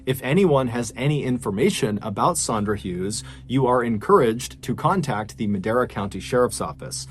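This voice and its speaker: A man in his thirties telling an unsolved mystery story, with an animated, suspenseful delivery that acts out quoted dialogue. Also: mid-range voice, moderate pace, hardly any pauses, slight background noise.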